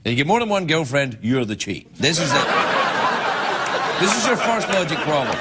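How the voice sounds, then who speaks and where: A male late-night host with a very lively, bouncing delivery. He rambles from joke to joke and slips into silly voices. A loud studio audience and heavy noise sit behind him. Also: a little high, moderate pace, a loud crowd. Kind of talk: late-night comedy monologue.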